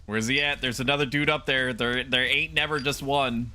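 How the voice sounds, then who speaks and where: A young man livestreaming a video game as a VTuber, chatting with viewers and breaking into loud, animated outbursts at the game. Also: medium pitch, normal speed. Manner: animated, yells and laughs at the game. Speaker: VTuber streamer. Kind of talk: gaming livestream commentary.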